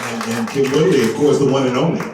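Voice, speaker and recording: A man's voice: mid-range voice, quick pace. A man hosts the show and introduces acts with announcer-like hype. He is filmed on a phone from the audience of a large club, so his voice comes from far off. The room echoes heavily, with a busy crowd under him. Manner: hyping, announcer-like. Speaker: show host. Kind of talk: stage introduction. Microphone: phone camera from the audience.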